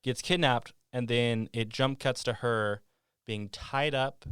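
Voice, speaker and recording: Guy on a movie podcast rambling through the plot, smooth voice, dry sound. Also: medium pitch, slow, a bit bright, dry recording. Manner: rambling, retells scenes. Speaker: podcast host. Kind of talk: casual movie recap.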